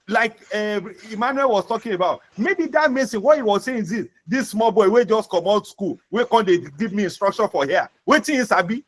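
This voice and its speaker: High-voiced Nigerian male trainer. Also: brisk, hardly any pauses. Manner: repetitive, acts out example dialogues. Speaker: vocational trainer. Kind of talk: soft-skills classroom lecture.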